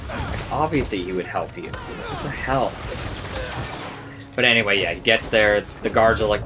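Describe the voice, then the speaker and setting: A man's voice: lowish voice, normal speed, long pauses. A young man giving casual, rambling commentary over gameplay, saying "like" a lot and swearing freely. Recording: steady background noise.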